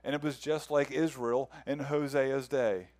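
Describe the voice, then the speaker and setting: A male pastor preaching a sermon, earnest, repeating words as he builds each point and reading scripture slowly and with feeling. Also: medium pitch, steady tone, darkish tone.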